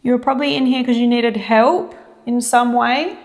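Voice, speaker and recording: Woman with vocal fry in an echoing hall. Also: a little high, fairly even intonation, a little mellow. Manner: slow, coaxing questions to the empty room. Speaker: paranormal investigator and host. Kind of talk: ghost-hunting vlog, calling out to spirits. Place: indoors in an old prison hallway. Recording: echoey hall with long reverb.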